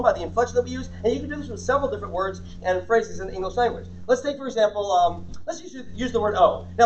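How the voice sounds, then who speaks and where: A man giving a lively sales seminar, quizzing and engaging a live audience. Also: high voice, slight background noise. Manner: energetic, interactive, quizzes the audience. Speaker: sales trainer. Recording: distant, dull lo-fi room recording.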